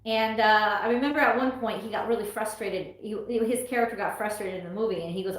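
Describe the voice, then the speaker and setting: A woman's voice: fairly high pitch, brisk, a bit bright. A woman from the US East Coast giving a casual live tarot reading, chatty, laughing often and exclaiming as the cards come up. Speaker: tarot reader on a livestream. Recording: very echoey room.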